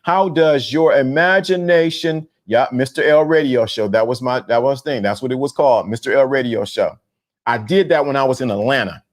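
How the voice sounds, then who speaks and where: A middle-aged man hosting a casual live stream, talking in slang, repeating himself and giving shout-outs to viewers. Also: medium pitch, moderate pace. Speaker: host of a talk show on dating game. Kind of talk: casual live-stream talk reading chat.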